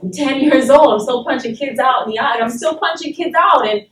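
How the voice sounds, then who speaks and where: A woman from Saint Thomas in the Virgin Islands, with a high-sitting voice and brisk delivery, is a guest speaker addressing a university class. She tells a personal story bluntly and emphatically, swearing often. The recording sounds roomy and distant, with faint background noise.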